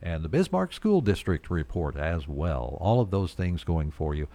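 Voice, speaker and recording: Deep-voiced rambling morning radio man. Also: normal speed, dry recording. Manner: relaxed, rambling with fillers. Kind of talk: casual radio announcing.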